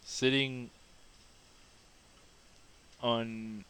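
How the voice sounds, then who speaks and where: A man's voice: medium pitch, flat delivery, very slow, a bit bright, clean tone. A man from Australia telling a rambling personal anecdote as a casual monologue, with frequent restarts and asides.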